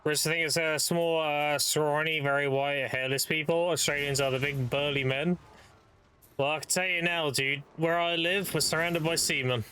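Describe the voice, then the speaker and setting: A British man with a British accent chats casually while streaming a game, joking and swearing with his viewers. His voice sits fairly high and bright, with faint noise behind it. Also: steady tone, moderate pace. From Britain. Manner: joking, profane, banters with chat. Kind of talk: casual chat while gaming.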